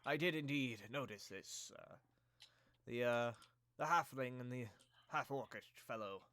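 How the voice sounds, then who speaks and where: A man's voice: mid-range voice, measured pace, sharp tone, clear, resonant tone, no room sound. A man voicing a frail, courteous old male mage who speaks formally and graciously.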